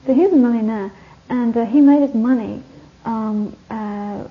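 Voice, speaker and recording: A woman's voice: on the high side, a little slow. Woman giving a rambling dharma talk. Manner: rambling, anecdotal, laughs often. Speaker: Buddhist teacher leading a course. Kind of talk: dharma talk to a retreat group. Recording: dull lo-fi recording, faint hiss.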